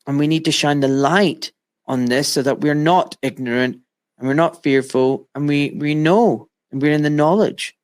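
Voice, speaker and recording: A man's voice: on the high side, moderate pace, clear, resonant tone. A middle-aged man hosting an interview from his home studio, telling stories emphatically and acting out quotes. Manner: animated, emphatic storytelling with acted-out quotes. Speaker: host. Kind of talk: casual interview chat.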